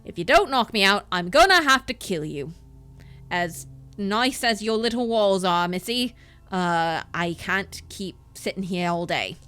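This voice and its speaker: A woman doing a gruff taunting ogre guard. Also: medium pitch, expressive, a little slow, sharp tone, faint music behind. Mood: blunt. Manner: rough, coarse speech with "oi" and "lad".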